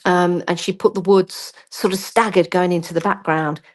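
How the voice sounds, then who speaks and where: A woman's voice: lowish voice, fairly even intonation, moderate pace. A woman chatting through a live craft demonstration, self-deprecating and talking as she works. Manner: chatty, self-deprecating, talks while working.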